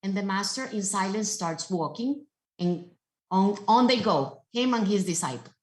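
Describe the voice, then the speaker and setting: A woman's voice: medium pitch, normal speed. Storytelling woman speaker in an echoey room. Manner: storytelling, animated and emphatic. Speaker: guest speaker. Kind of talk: motivational talk.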